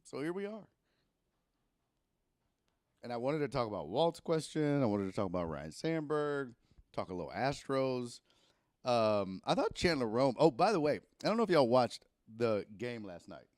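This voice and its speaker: A man hosts a loose sports talk stream, cursing and rambling as his pitch rises and falls a lot. The sound is dry and close, from a microphone plugged into a camera. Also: normal speed, dry recording. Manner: profane, animated rambling. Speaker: sports talk show host. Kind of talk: casual sports talk livestream.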